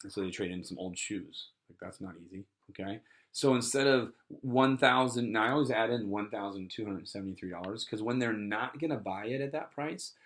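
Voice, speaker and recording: A young adult man giving a casual sales training talk, chatty and full of fillers, acting out little customer dialogues. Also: on the low side.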